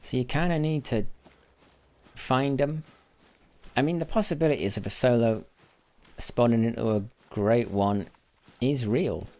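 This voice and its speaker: A man's voice: mid-range voice, measured pace, pauses often, darkish tone. A man giving casual live commentary while playing a game, rambling and correcting himself as he goes, sometimes muttering to himself. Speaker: gaming livestreamer.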